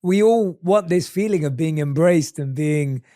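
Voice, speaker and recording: Male podcast host, higher voice, warm mellow tone, dry studio. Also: unhurried, no echo. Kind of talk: podcast interview.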